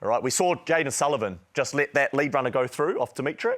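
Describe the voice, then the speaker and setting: A man with a New Zealand accent hosting a rugby league show live in front of a crowd, energetic and jokey. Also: mid-range voice, quick pace. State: out of breath. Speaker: host. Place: live venue with audience.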